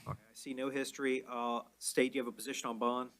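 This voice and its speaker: Measured male judge in court. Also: medium pitch, little pitch movement, background noise. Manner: measured, explains orders plainly. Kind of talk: courtroom proceedings.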